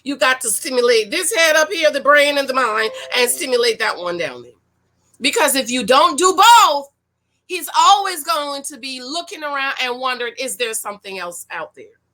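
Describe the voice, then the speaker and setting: A woman talks in a high, bright voice, recapping a show in a loose, chatty way. She speaks frankly and with energy, and often turns to give pointed advice to women. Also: expressive, normal speed. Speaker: reality-show reviewer. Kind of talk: casual video commentary.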